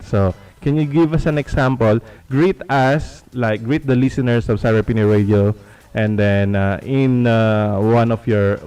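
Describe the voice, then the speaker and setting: A man's voice: medium pitch, dark tone, clean tone. A man hosting an internet radio interview. He hesitates a lot and switches between English and Tagalog. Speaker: radio host.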